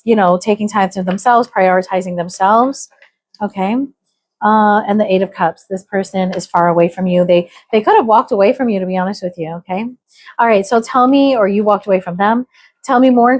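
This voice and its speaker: A woman's voice: mid-range voice, darkish tone. An American woman doing a casual, chatty tarot reading, musing aloud with fillers. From United States. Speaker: tarot reader.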